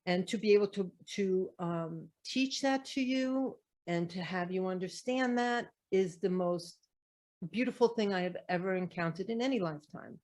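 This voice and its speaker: Woman, middle-aged, spiritual teacher, earnest, rhetorical questions, medium pitch. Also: moderate pace, a little mellow. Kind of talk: motivational spiritual talk to camera.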